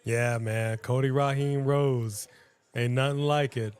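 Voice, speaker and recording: A man's voice: medium pitch, steady tone, takes it slowly, darkish tone, clean tone. A man co-hosting a live watch-along stream, talking casually and rambling with frequent restarts.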